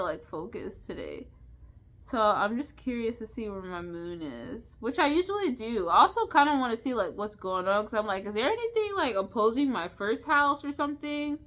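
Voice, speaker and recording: Rambling young woman vlogging casually. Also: mid-range voice. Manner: rambling, stumbles and restarts words; animated, laughs often. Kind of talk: casual unscripted vlog chat.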